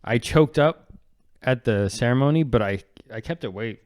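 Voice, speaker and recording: Laid-back young man, smooth voice. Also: medium pitch, lively intonation, a little mellow, no room sound, clean studio sound. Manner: laid-back, halting, many fillers. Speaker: podcast co-host, the groom. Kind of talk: casual chat.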